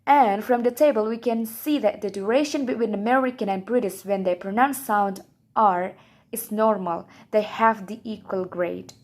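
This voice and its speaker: A woman's voice: mid-range voice, moderate pace, a little mellow. Young woman reading a class presentation. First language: Indonesian. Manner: careful, reads from a script. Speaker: student presenter.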